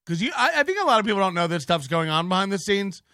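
A man's voice: sits high, very animated, fast, sharp tone, clear, resonant tone, dry recording, studio quality. A middle-aged man hosting an online show, ranting in sarcastic, profane commentary and muttering while he scrolls through posts.

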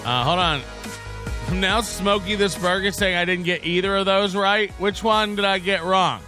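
A man's voice: sits high, normal speed, pushed and bright, faint music behind. A man hosting a casual livestream, rambling and self-mocking, with frequent swearing. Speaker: livestream show host.

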